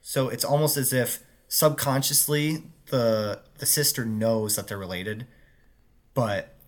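A man's voice: medium pitch, a little slow. A man talking casually and earnestly about an anime's characters. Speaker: co-host. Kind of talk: casual anime review chat.

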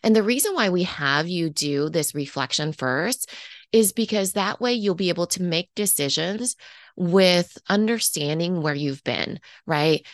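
Woman, podcast business coach, casual chatty delivery, lowish voice. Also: no echo, clean studio sound. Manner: casual and conversational, lots of "like" and "okay". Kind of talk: guiding listeners through reflection prompts.

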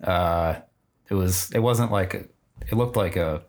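A man in casual chat who tells a short story haltingly and searches for words. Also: low voice.

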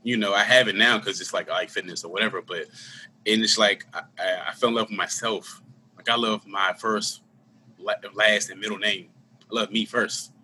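A man's voice: lowish voice, steady tone, moderate pace, pushed and bright, a little hiss or hum. A man talking candidly and earnestly about his own life in a casual conversation, full of slang. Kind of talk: casual conversation, personal storytelling.

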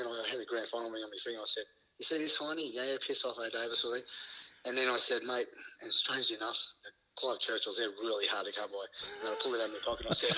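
A man's voice: fairly even intonation, quick pace, crowd noise, low-quality recording. A middle-aged Australian man from Queensland, a former rugby league player who tells stories as a guest, laughing often and acting out what people said. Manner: laughs often, acts out quoted lines with rising pitch. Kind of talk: casual storytelling.

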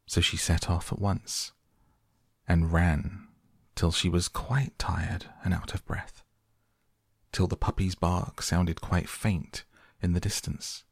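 A man narrating a storybook in a slow, measured reading voice that sounds gravelly. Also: low-pitched, level tone, no echo, studio quality. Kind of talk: audiobook narration.

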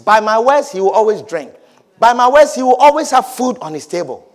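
A man preaching a sermon as a pastor, swinging between quiet, drawn-out words and shouted blessings. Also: extremely high pitch, big pitch swings.

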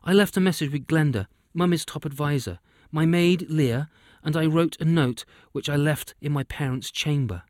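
A man putting on a brisk young princess. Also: on the high side, darkish tone, no room sound, studio quality, pitched above the performer's own voice, close to an everyday voice.

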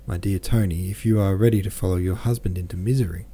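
A man reading a grave, gentle old father. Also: sits low, fairly even intonation, fast, breathy edge. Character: aging father, a gentle, worried merchant.

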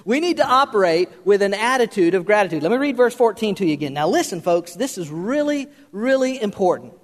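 A man's voice: high voice, very animated, brisk. An older male pastor preaching a folksy, joking sermon, full of fillers and restarts. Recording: long hall reverb.

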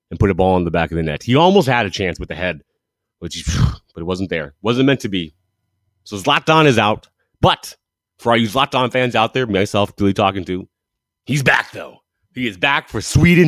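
A man's voice: on the low side, a bit bright, no room sound, clean studio sound. A man hosting a football show, talking through results with eager, rambling enthusiasm and frequent restarts. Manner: enthusiastic, rambling, self-correcting. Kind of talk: casual sports commentary monologue.

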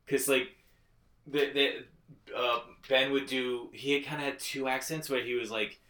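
A man co-hosting a podcast in casual movie chat. He rambles with lots of fillers and slips into quick mock voices. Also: mid-range voice, steady tone, a bit bright, echoey room. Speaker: podcast co-host.

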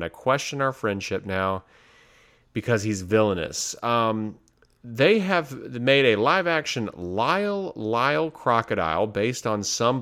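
A man co-hosting a casual chat about trailers, blunt, sarcastic and quick to dismiss. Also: mid-range voice, a bit bright. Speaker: podcast co-host.

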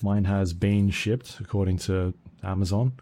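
A man co-hosting a gaming podcast, chatting in a relaxed, hesitant way. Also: deep voice, unhurried. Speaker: podcast co-host. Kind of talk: casual chat.

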